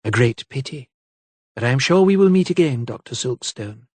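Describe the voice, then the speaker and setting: A man's voice: medium pitch, animated, normal speed, darkish tone, no room sound, close to an everyday voice. A man putting on a coquettish, sweetly poisonous noblewoman. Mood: coy, sweet. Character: haughty flirtatious noblewoman, 18th century. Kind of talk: audiobook character voice.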